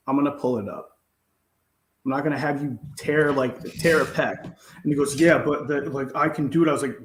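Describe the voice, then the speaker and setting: A man's voice: medium pitch, reverberant. A man co-hosting a podcast, chatting casually and acting out quotes in his stories, swearing freely. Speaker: podcast co-host. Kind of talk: casual chat, storytelling.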